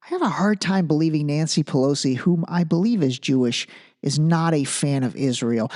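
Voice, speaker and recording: A man's voice: on the high side, animated, fairly quick, darkish tone. A man hosting a solo podcast, talking casually and thinking aloud, restarting phrases and checking in with the listener. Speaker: podcast host.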